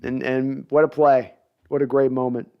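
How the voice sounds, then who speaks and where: A man's voice: mid-range voice, level tone, normal speed, smooth, dull audio. A man hosting a casual sports live stream, rambling playfully and reading out viewer comments. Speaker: podcast host.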